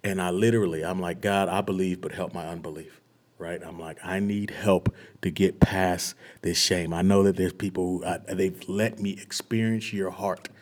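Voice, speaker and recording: Low-voiced man sharing an earnest testimony. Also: steady tone, normal speed. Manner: earnest and searching, often dropping to a hushed, near-whispered delivery. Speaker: pastor. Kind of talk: personal testimony to a small group.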